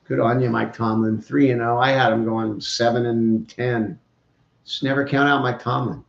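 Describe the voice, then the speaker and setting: A man's voice: medium pitch, fairly even intonation, normal speed, vocal fry. Male podcast host, casual opinionated football rant, dull lo-fi echoey room sound. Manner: opinionated, rambling, joking. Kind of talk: casual sports commentary.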